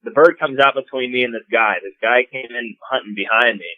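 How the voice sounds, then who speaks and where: A man's voice: mid-range voice, fairly quick, no room sound, narrow, tinny audio. A man casually telling hunting stories as a podcast guest, laughing often as he talks. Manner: laughing, animated storyteller. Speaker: guest, call maker. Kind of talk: casual storytelling.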